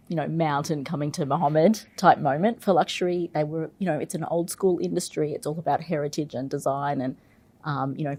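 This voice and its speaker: Low, mellow-voiced woman explaining investments. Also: no room sound. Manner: explanatory, frequent "you know" fillers and restarts. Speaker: investment research head and portfolio manager. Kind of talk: conversational expert interview.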